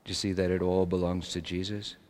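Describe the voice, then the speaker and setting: Guy preaching a sermon, lowish voice, goes quiet then gets loud, big echoey church. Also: level tone, fairly quick. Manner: impassioned, swings from hushed to shouting.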